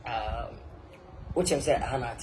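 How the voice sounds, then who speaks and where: A man's voice: medium pitch, measured pace, a crowd in the background. A man with a Ghanaian accent performing an improvised comedy skit, rambling and laughing as he talks. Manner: rambling, laughing, breaks into singing praise. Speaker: comic actor.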